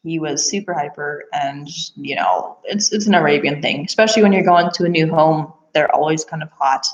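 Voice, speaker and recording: Young woman rambling about her old days, kinda low voice, lots of laughing and "like", echoey muffled recording. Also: a little fast. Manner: animated, laughs often, many fillers. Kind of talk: casual storytelling. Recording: echoey room, dull lo-fi sound.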